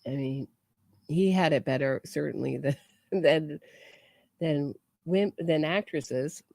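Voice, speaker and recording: A woman's voice: low-pitched, slow pace, creaky, mellow, no room sound. Woman, true crime commentator, chatty, restarts sentences, dry close sound. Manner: chatty, restarts and trails off mid-thought. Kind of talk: casual commentary on trial footage.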